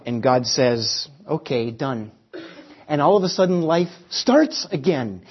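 A man's voice: on the high side, big pitch swings, unhurried. A man preaching a sermon, storytelling with varied emphasis. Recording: slightly dull recording.

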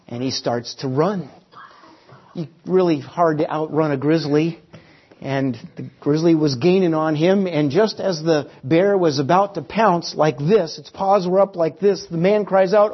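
A man's voice: a little high, slightly rough. A man preaching a sermon, storytelling with varied emphasis. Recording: slightly dull recording.

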